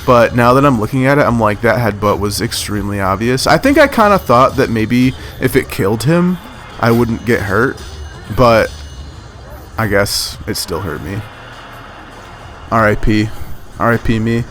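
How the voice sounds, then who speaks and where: A man's voice: mid-range voice, expressive, measured pace, a bit bright, soft background music. A man giving casual, rambling commentary over his own gameplay footage, full of fillers and self-corrections. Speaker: gaming commentator.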